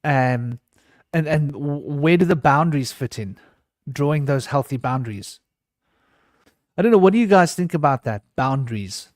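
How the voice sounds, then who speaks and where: A man's voice: a little high, expressive, normal speed, dry recording, clean studio sound. A man talking in a casual round table discussion, rambling and emotional with many restarts.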